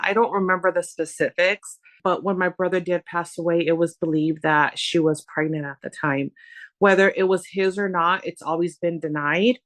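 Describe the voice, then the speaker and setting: A woman in her forties, a guest on a podcast interview, telling stories in an animated, chatty way and acting out remembered dialogue. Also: on the low side, dry recording. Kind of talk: personal storytelling in interview.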